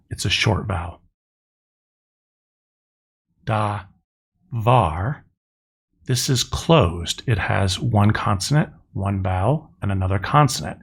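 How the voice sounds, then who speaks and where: Casting note: middle-aged male teacher, low gravelly voice, patient and methodical lecture delivery. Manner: slow, methodical explaining, spelling out sounds. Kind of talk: recorded classroom lecture.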